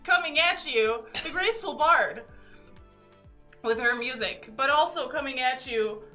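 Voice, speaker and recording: A woman's voice: high voice, unhurried, sharp tone. A woman co-hosting a live music stream, chatting casually and laughing through nearly every sentence. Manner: laughs constantly, giggly and rambling. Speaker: co-host of a music stream show. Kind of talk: casual giggly stream chat.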